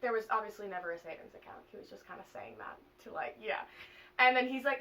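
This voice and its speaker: A young woman vlogger casually retelling a plot to a friend, animated and full of swearing and fillers. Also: medium pitch, fast talker, recorded from a distance, lo-fi sound.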